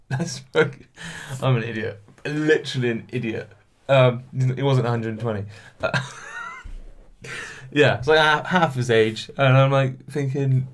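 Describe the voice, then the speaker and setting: Young male podcaster, chatty, self-deprecating, swears casually, mid pitch. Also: lively intonation, unhurried, long pauses. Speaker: podcast host. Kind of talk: solo podcast storytelling. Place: room alone with a camera. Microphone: camera.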